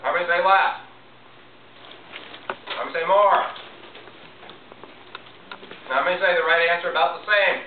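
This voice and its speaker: A man's voice: high voice, a little slow, long pauses, narrow, tinny audio. A man giving a chatty science lesson, quizzing the audience as he goes. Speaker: science teacher. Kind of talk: classroom demonstration talk. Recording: echoey room, distant thin mic, faint hiss.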